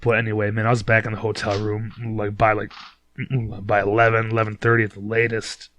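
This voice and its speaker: A man's voice: fairly low pitch, completely flat delivery, brisk, a bit bright. A man from Detroit, a podcast host who tells a story in a casual, rambling, profane way. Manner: profane, rambling, laid-back.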